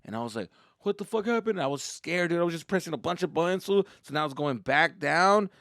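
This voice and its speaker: A young man telling a comic story as a podcast host, profane and animated, jumping into voices. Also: a little high, fast talker, no room sound, studio quality.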